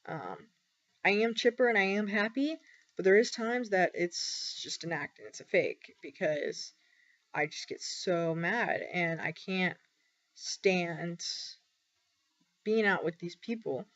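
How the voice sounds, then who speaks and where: A young woman talking candidly in a personal vlog, halting often with ums and pauses. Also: on the low side, lively intonation, a bit bright. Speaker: vlogger. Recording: dull lo-fi recording.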